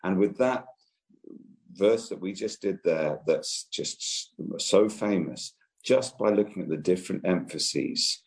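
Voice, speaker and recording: A man being interviewed as an author guest in a very deep voice. He speaks gently and thoughtfully, often restarting his phrases. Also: slow. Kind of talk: interview answer.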